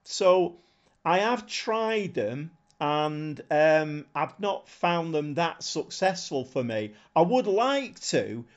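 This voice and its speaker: A man's voice: fairly high pitch, very animated, slow, highs cut off. A man chatting casually on a live stream, thinking aloud in a rambling way and chuckling often. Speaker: game streamer.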